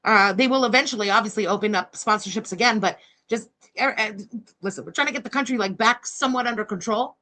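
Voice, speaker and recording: A woman's voice: on the high side, fast, bright, forceful tone. A woman hosting a reaction livestream, giving blunt, sarcastic, scornful commentary. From Canada. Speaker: commentary channel host.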